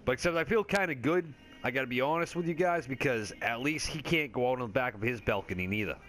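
Over his gameplay, this male creator rambles in a relaxed, stoner-ish way, cracking jokes, swearing freely and using lots of fillers. He speaks quickly at medium pitch, with a fairly bright tone.

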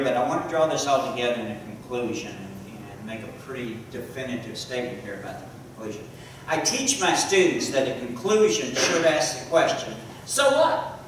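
Echoey preacher asking the room questions. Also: male voice, mid-range voice, slight background noise. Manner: interactive, asks congregation questions, repeats words. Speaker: preacher and teacher. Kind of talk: sermon. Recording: echoey hall from far off.

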